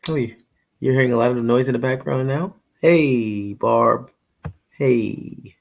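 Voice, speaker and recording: A man's voice: medium pitch, measured pace, creaky. A middle-aged man hosting a live stream, chatting casually in a rambling way, repeating himself and greeting viewers by name. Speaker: livestream host.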